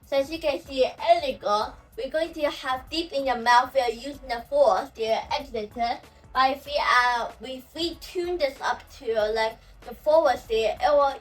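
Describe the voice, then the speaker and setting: A woman teaching language pronunciation, who talks slowly and says example words over and over. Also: sits high, far from the mic, rough recording. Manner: slow and repetitive, saying example words over and over. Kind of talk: explaining pronunciation.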